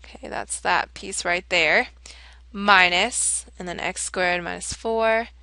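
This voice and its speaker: Woman math teacher, casual step-by-step explanation, bright tone, dry close sound. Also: fairly low pitch, vocal fry, clear, resonant tone, dry recording. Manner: casual, chatty, self-correcting. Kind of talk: whiteboard lesson walkthrough.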